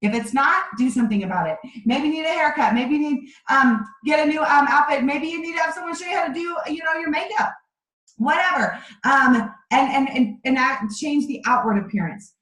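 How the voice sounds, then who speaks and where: A woman's voice: sits high, fairly quick, a bit bright, roomy sound, rough recording. A woman leading her sales team in a motivational training over a video call, talking in a direct, emphatic coaching way. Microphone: video call microphone.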